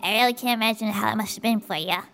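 A woman's voice: medium pitch, very fast, vocal fry, fairly bright tone, soft background music. A woman playing a tabletop role-playing game, talking in an easygoing, sincere way. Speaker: player. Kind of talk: in-character tabletop role-play.

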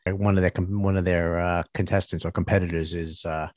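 A man's voice: low voice, level tone, a little fast, darkish tone, a little hiss or hum. A man ranting to camera as a vlogger, sarcastic and mocking, often stumbling and repeating words. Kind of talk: ranting commentary.

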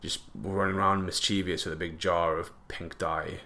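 A man's voice: deep voice, little pitch movement, normal speed, bright, forceful tone. A young man, chatting casually and jokily to camera, rambling with lots of fillers and slang. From northeast England.

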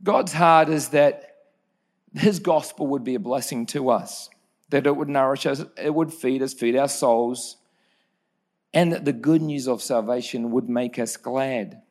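A man preaching a sermon, earnest and personal, telling stories and correcting himself with quick asides. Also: medium pitch. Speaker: pastor.

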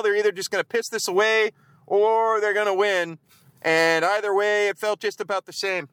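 Cranky guy ranting and swearing after the game, kinda high voice, dry close sound. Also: fairly bright tone, smooth, no echo. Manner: profane, grumbling rant. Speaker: fan vlogger. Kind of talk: ranting post-game chat. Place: outdoors in the cold.

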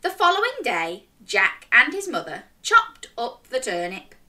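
A woman reading a picture book aloud to young children, animated and interactive, coaxing the listeners to join in. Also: fairly high pitch, measured pace, far from the mic. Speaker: children's storyteller.

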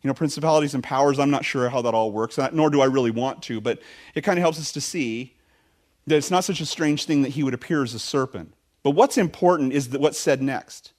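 A middle-aged man preaching a sermon as pastor, telling the story with animated voices for the people in it. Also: medium pitch, fairly quick. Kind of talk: expository sermon.

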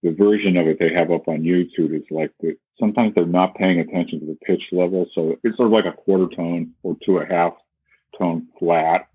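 A man with a deep, husky voice explains breathing technique in a relaxed, conversational way, now and then singing syllables to demonstrate. The sound is dry and thin, like a phone line. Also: fairly quick, no room sound. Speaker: flute teacher. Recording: tinny phone-like call audio.

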